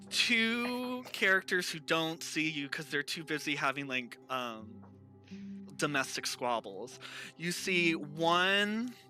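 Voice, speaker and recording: Slow, giggly game master. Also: medium pitch, pushed and bright. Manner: giggly, halting, lots of fillers. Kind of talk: narrating a tabletop game.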